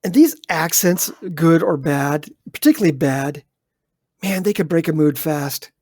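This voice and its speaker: A man's voice: fairly high pitch, animated, measured pace, darkish tone, no echo, studio quality. A man co-hosting a podcast, giving emphatic, jokey advice to listeners. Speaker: podcast co-host. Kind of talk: casual chat.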